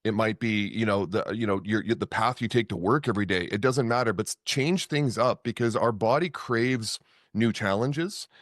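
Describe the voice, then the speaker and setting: A podcast host, a man with a lowish voice, recorded dry and close. He talks hesitantly, often restarting his sentences as he asks his questions. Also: normal speed, fairly bright tone, dry recording. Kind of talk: conversational interview.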